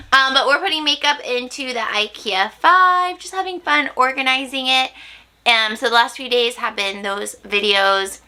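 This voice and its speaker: Bright, chatty woman vlogger. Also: high-pitched, expressive, measured pace. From United States. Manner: chatty, giggly, rambling. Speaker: makeup vlogger. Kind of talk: casual chat to camera. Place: at home.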